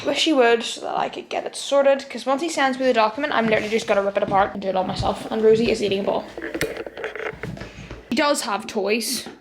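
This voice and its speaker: Young woman, higher voice, casual home-kitchen vlogger, phone mic. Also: fast, noisy background. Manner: chatty, exasperated asides to her dogs. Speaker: vlogger building a nutrition brand. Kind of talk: casual vlog narration.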